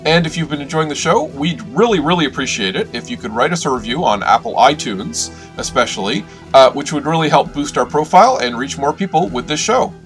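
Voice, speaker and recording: A man co-hosting a podcast, talking in a friendly, casual way and filling his pauses with uh. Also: fairly high pitch, lively intonation, a bit bright, soft background music. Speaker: podcast co-host.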